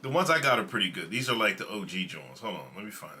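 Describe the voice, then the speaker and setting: Guy streaming, rambly and cussing, laughs a lot, bright lively voice. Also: fairly low pitch, fast. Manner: loose rambling storytelling, frequent laughs and profanity. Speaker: streamer host. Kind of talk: casual livestream chat.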